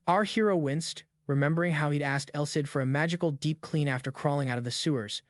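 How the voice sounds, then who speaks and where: A man narrating a comic recap as scripted story narration, brisk and even. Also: a little high, dry recording, clean studio sound.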